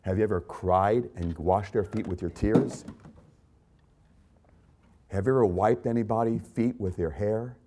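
A man preaching a sermon with passion, repeating lines and swinging from loud outbursts to quiet, intense remarks. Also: lowish voice, measured pace, long pauses, slight background noise. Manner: impassioned, repetitive, swings loud to soft. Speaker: pastor.

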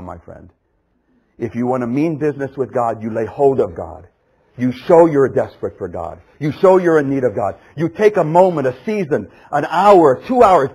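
Husky preacher with a lively, swinging delivery. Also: male voice, low-quality recording. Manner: dynamic, swinging from loud exclamations to hushed low passages. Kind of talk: sermon.

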